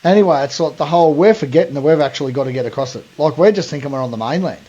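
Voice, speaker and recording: A man's voice: a little high, racing, warm tone, dull audio. An Australian man hosting a podcast, telling a long story in a rambling, slangy way full of fillers. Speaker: podcast host. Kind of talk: casual storytelling.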